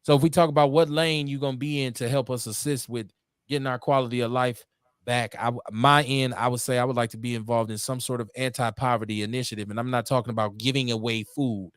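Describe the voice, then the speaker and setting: A man hosting a call-in radio show talks with fiery conviction. He swings between loud, pitched-up rants and low, dropped asides, swearing as he goes. His voice is mid-pitched and sits close and dry on the mic. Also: fairly even intonation, quick pace, smooth, dry recording. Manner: fiery, preachy, swings between shouting and muttering, swears freely. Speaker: host. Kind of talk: impassioned call-in radio talk.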